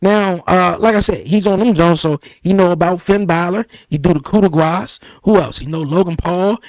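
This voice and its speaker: A man hosting a podcast, telling a story in a lively, animated way. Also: high-pitched, moderate pace, no room sound. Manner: animated storyteller, acts out his son's lines. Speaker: podcast host. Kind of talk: casual podcast chat. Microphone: podcast studio mic.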